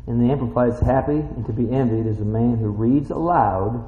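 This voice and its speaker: A man preaching a sermon as a pastor, reading scripture and breaking into loud exclamations. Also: medium pitch, a little fast. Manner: animated, swings between loud exclamations and quiet reading. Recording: echoey hall with long reverb, dull sound.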